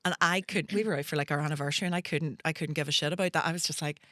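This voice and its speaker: A woman's voice: low-pitched, racing, no room sound, clean studio sound. A Northern Irish woman, a comedian hosting a podcast, telling comic stories in casual chat and acting out the people in them. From Northern Ireland. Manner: animated storyteller acting out voices, swears freely.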